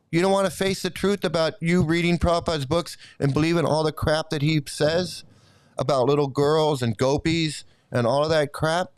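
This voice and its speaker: A man's voice: a little high, fairly even intonation, moderate pace, clean tone, dry recording. A middle-aged man giving an angry, profane commentary rant, repeating himself heatedly. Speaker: YouTube commentator.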